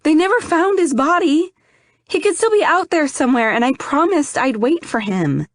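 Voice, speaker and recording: A woman's voice: high voice, very animated, moderate pace, dry recording, pitched above the performer's own voice. Woman playing young grieving heroine, pleading, emotional, dry close read. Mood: distressed.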